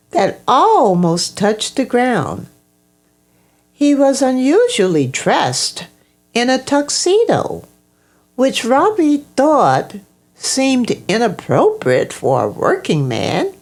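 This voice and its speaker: A woman reading a children's story aloud as the storyteller, in a slow, expressive storybook manner. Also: a little high, faint music behind.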